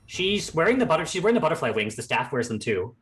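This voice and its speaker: A man's voice: fairly high pitch, big pitch swings, quick pace, a bit bright. Young guy running a tabletop game, chill and rambly, faint music behind. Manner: casual, rambling with many fillers. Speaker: dungeon master.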